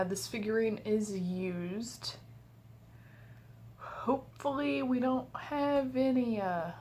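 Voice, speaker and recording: A young woman talks casually through an unboxing at home, joking around and drifting into rambling asides. Her voice sits at a middle pitch. A faint hiss stays in the background. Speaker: vlogger.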